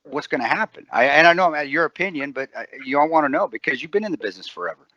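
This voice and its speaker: A man's voice: a little high, expressive, rapid-fire, pushed and bright, dry recording, highs cut off. A man in his forties co-hosting a podcast, talking emphatically and sarcastically and swearing freely. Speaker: podcast co-host. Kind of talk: casual chat.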